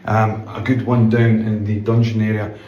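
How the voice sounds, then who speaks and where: A man's voice: lowish voice, flat delivery, moderate pace, dark tone, roomy sound, highs cut off. A Scottish man investigating hauntings, recapping casually and hesitantly with frequent ums. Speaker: paranormal investigator.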